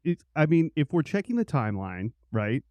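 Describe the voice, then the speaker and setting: A man co-hosting a podcast in casual chat, reasoning things through in a measured way. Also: mid-range voice, very animated, darkish tone, no echo. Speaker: podcast co-host.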